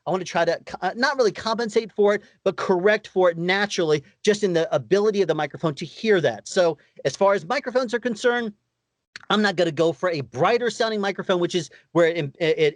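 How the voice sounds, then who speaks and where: Male guest, high-pitched, practical explainer tone, dry close recording. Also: quick pace, dry recording. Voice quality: higher-pitched voice. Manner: explanatory, practical, rhetorical questions. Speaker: audio engineer guest. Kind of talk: interview advice.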